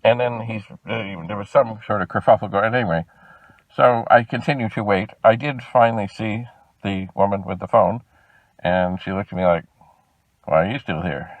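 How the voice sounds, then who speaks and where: A man from Canada telling a long customer-service story, animated and exasperated in tone. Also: on the low side, moderate pace, no room sound, phone-quality sound. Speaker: video host. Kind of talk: storytelling vlog.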